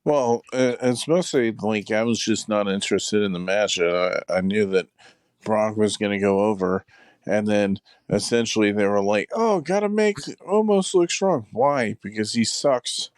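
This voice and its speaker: A man's voice: lowish voice, fairly even intonation, normal speed, smooth, no echo. A man co-hosting a podcast in casual chat, rambling with lots of fillers and acted-out asides. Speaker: podcast co-host.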